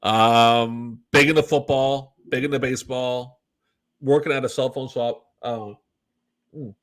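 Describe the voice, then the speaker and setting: A man from Canada co-hosting a podcast in casual chat, animated and swearing, acting out little exchanges with quoted voices. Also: medium pitch, measured pace. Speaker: podcast co-host.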